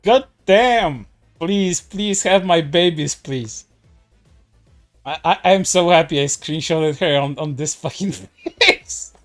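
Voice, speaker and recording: Guy snarking through a commentary, kinda high voice, keeps losing it laughing. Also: takes it slowly, faint music behind. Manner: sarcastic, breaks into laughter. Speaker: commentary host. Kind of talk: mocking commentary on read-out posts.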